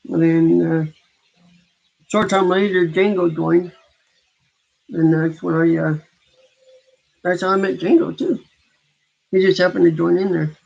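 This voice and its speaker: A man's voice: high voice, flat delivery, a little slow, gravelly, long pauses, a little mellow. A man casually telling a long story about meeting friends in an online game, rambling and restarting his sentences. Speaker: gamer recounting a story. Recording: dull lo-fi recording.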